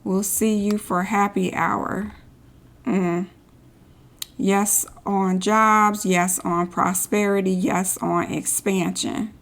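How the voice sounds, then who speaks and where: A woman's voice: medium pitch, level tone, slow pace, vocal fry, fairly bright tone. A woman streaming a story game, reading in-game social posts aloud and adding sarcastic asides. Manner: sarcastic asides between read-outs. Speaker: gameplay streamer.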